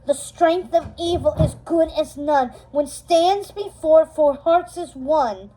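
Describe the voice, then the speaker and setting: A woman's voice: high voice, animated, a little slow, warm tone. A woman reading a storybook aloud, voicing a defiant, tearful teenage girl who speaks earnestly and rises to cries. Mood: incanting. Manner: earnest, pleading, rising to cries.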